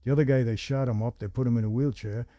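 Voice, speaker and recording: Older man, mellow voice, telling a long story. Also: mid-range voice, fast, no echo, muffled recording. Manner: animated storyteller acting out quoted dialogue. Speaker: host. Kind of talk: conversational storytelling.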